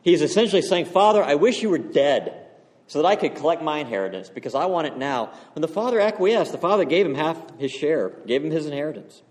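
Male pastor, fervent storytelling sermon, slightly raised pitch, echoing church hall. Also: animated, fast talker, a little mellow. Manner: impassioned storytelling, rising to fervent exhortation. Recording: long hall reverb.

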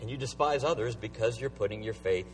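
A man's voice: on the low side, a little fast. Man preaching, emphatic, mic kinda far away, faint hum underneath. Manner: emphatic, rhetorical questions. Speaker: pastor. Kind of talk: sermon.

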